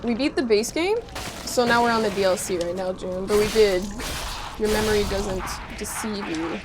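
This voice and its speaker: A woman's voice: mid-range voice, normal speed, noisy background. A woman streaming a game, chatting casually with viewers, reading their messages aloud and answering with playful mock outrage. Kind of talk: casual gameplay chat with viewers.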